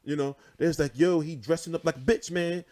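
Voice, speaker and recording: A man's voice: a little high, a little fast. A young man hosting a boxing show, swearing freely and telling stories with animation. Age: 20s. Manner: profane, animated storytelling. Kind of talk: casual livestream chat.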